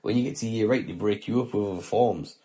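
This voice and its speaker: A man's voice: on the low side, quick pace, dark tone. A man, a podcast host telling a story casually, with heavy swearing and slang and heartfelt talk.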